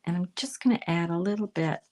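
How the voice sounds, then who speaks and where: Coloring her way through an informal live card-making session, this Canadian woman talks casually and muses out loud, her voice often fading to a quiet murmur. She speaks quickly in a lowish register, and a faint hiss or hum runs through the recording.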